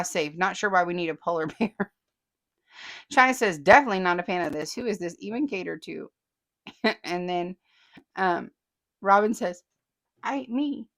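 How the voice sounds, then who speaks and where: Casual woman host, chatty and easily amused, middle-pitched voice reading out viewer comments. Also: fairly bright tone. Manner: chatty, laughs often, reads comments aloud.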